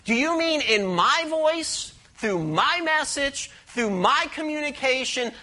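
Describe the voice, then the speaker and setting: A woman preaching a sermon, emphatic and questioning, leading the congregation in responses and slowing down to read verses. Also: expressive, pushed and bright. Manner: emphatic, rising to high passionate stress, slowing to read verses; asks the congregation questions and leads call-and-response.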